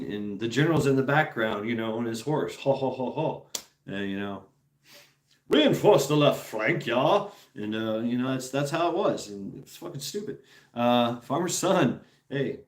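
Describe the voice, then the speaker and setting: A man chats loosely with his viewers, drifting from point to point and dropping curse words as he goes. He laughs between thoughts, and his voice is neither high nor low. The recording picks up a noticeable room echo around him. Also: moderate pace. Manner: rambling, profane, laughs often. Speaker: streamer host. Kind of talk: casual chat with viewers.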